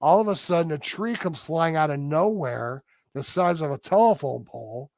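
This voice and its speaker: A man with a gravelly, fairly high voice tells a story as a podcast guest. He acts out the sounds himself and keeps it vivid. The sound is dry and close. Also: lively intonation, normal speed, a little mellow, no echo.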